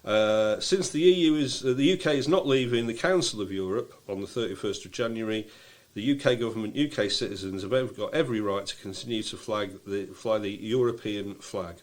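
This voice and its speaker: A man's voice: lowish voice, fairly quick, few pauses. A British man co-hosting a casual comedy podcast, reading out letters and quotes in a dry way. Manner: dry, reads listener letters and quotes aloud. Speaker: podcast co-host.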